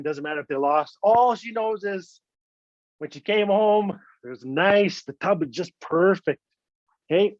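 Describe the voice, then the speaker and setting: High-voiced man telling a comic tale. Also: no room sound. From Northern Canada. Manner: playful, conversational asides. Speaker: storyteller. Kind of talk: comic oral storytelling. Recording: dull, dry lo-fi recording.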